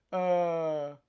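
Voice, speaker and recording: A livestreamer reads a comic aloud at an unhurried, drawn-out pace. The talk is hesitant and full of filler sounds. It breaks off for chatty asides to the viewers. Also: mid-range voice, smooth, highs cut off. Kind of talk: reading a comic aloud on stream.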